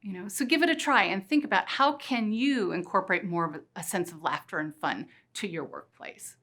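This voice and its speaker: A middle-aged woman giving an energetic motivational talk, playful and full of rhetorical questions. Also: mid-range voice, fairly quick. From Missouri. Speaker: keynote speaker. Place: conference stage.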